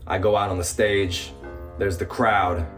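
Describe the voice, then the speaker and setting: A man's voice: deep voice, little pitch movement, unhurried, fairly bright tone, faint music behind. A young man, a rapper, telling his story in a casual, slangy way with lots of "like" fillers. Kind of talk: reflective personal storytelling.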